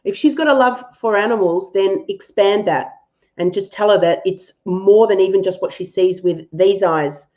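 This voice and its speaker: A woman's voice: mid-range voice, moderate pace, darkish tone, muffled recording. A woman hosting a live-stream animal reading and answering viewers, affectionate and thinking aloud with fillers.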